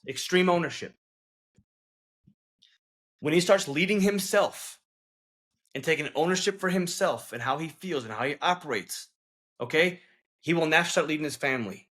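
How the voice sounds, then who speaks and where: Guy coaching hard on a podcast, bright punchy voice, keeps saying okay? right?. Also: a little high, lively intonation, moderate pace, long pauses. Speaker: guest, relationship coach. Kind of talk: earnest interview talk.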